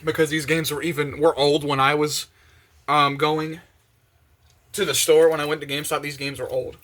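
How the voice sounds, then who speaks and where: A young man chatting casually and excitedly, full of slang and fillers, while doing the dishes in his kitchen. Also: fairly high pitch, normal speed. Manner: excited, slangy, many fillers, acts out quotes. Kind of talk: casual rambling monologue. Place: home kitchen with open windows.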